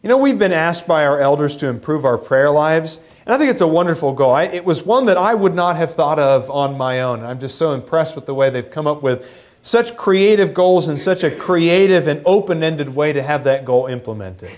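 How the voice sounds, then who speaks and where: Animated man preaching a sermon. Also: moderate pace. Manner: animated, acts out quoted voices with rising pitch. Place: church sanctuary.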